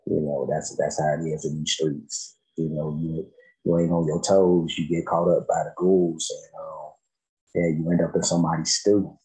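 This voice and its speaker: A man's voice: rumbling low, little pitch movement, normal speed, dark tone, low-quality recording. A man giving laid-back, slangy reaction commentary on a song. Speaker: music reaction host.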